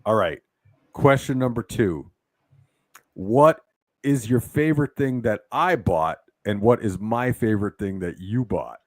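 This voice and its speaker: A man co-hosting a casual livestream chat, talking with lively enthusiasm. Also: lowish voice, a little slow, no room sound. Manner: animated, enthusiastic. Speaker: co-host.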